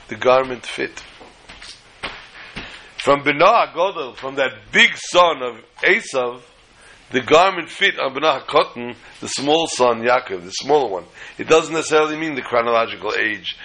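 Bright-voiced man teaching a Torah class. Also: mid-range voice, normal speed, slight background noise, rough recording. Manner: animated storytelling, acts out dialogue.

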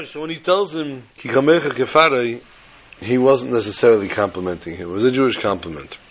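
A man teaching a Torah lesson as a rabbi, telling stories and acting out quotes in an animated way. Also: medium pitch, a little fast, crowd noise. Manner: animated, acts out quotes, rising to loud exclamations.

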